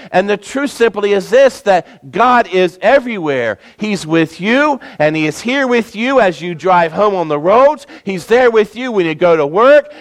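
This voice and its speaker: A man preaching a sermon as pastor, slowing down and leaning hard on key words for emphasis. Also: high-pitched. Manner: preaching with emphatic, slowed-down stresses.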